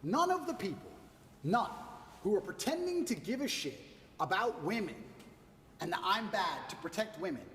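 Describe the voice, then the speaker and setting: A man's voice: high voice, big pitch swings, normal speed, a bit bright, echoey room, long reverb tail, recorded from a distance, a little hiss or hum. A man giving an interview, boastful and emphatic, hammering his points in short repeated lists. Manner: emphatic, repetitive punchy lists. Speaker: interview guest.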